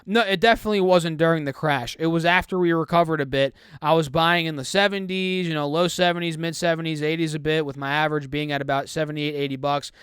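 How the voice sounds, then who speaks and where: A man's voice: on the high side, fairly even intonation, fairly bright tone, clear, resonant tone, no echo, studio quality. A young man giving casual stock market commentary, recovering from an illness and a little choked on his words. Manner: quick, chatty, self-correcting.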